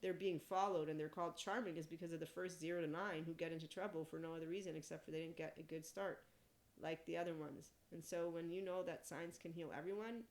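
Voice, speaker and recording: A woman with a notably low speaking voice hosts a solo podcast. She rambles through a casual spiritual monologue, blunt and salty, laughing often between her thoughts. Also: steady tone, fast. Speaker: podcast host.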